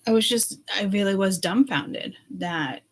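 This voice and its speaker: A woman's voice: medium pitch, a little slow, breathy edge, poor audio. A middle-aged woman doing a casual, rambling tarot reading, chatty and blunt, swearing freely as she talks. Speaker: psychic tarot reader.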